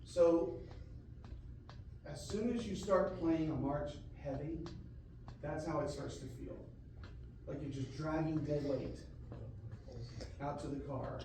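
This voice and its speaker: A man's voice: a little high, takes it slowly, pauses often, dark tone. A man directing a school band rehearsal, giving instructions, singing phrases with syllables and joking with the students. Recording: echoey band room from far off. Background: room ambience and noise.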